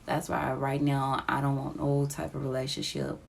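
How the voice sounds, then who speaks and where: A woman with children, speaking into her phone in a slow, halting confessional vlog, close to tears. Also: very deep voice, flat delivery, creaky, slight background noise. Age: adult with children. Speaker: vlogger. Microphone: phone app recording.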